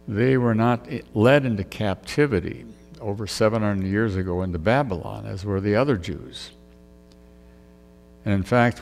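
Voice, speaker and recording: A man's voice: on the low side, a little mellow, big-room sound. A man preaching a conversational sermon, musing aloud as he retells a story.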